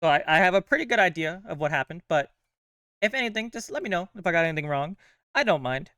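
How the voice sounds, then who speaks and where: A man's voice: sits high, lively intonation, fast, sharp tone, clear, resonant tone, no echo, studio quality. A man hosting his own fan channel, chatting in a casual, upbeat way with plenty of loose fillers. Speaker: host of a fan sports channel. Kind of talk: casual chat.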